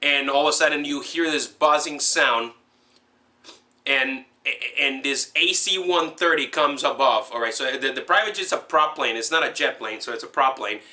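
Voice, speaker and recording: A man excitedly recapping a movie scene in a rambling, casual way, full of fillers and restarts. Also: medium pitch, normal speed. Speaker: movie fan recapping a film.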